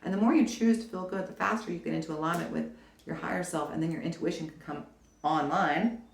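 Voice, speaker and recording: Woman doing a chill tarot reading, low-ish voice, hypes the viewer up, echoey room. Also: quick pace, vocal fry. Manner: animated, encouraging, addresses the viewer directly. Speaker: tarot reader. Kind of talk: casual weekly tarot reading to camera. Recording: roomy echo.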